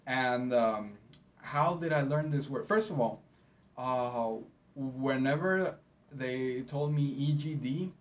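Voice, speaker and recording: Friendly man, distant lo-fi sound. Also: mid-range voice. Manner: friendly, encouraging, pauses often mid-sentence. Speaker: medical interpreter. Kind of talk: educational talk to camera. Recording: slightly distant, dull lo-fi sound, faint noise.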